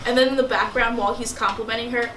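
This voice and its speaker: A teenage female student pitching a scene idea, acting out quotes as she tells it. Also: fast, slight background noise. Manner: animated storytelling with acted-out quotes. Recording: echoey classroom, distant mic.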